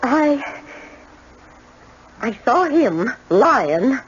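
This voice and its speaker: A jittery witness on the stand, stumbling over her words in a high voice that leaps up and down. It is an old 1970s radio drama, and the broadcast recording sounds dull and lo-fi. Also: very animated, extremely slow, slight background noise, full character voice. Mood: nervous. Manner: stammering, hesitant. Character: nervous young woman witness on the stand.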